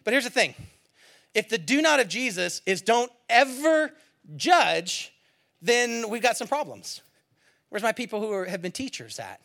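A man's voice: sits high, big pitch swings, measured pace, creaky, fairly bright tone. A middle-aged man preaching a sermon as a pastor, in a conversational, joking way that acts out what people say.

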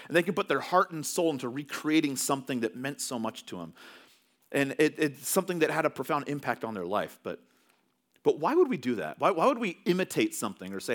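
A man's voice: on the high side, expressive, fast, a bit bright. A man from California preaching a sermon as pastor, telling stories in a loose, conversational way with many restarts.

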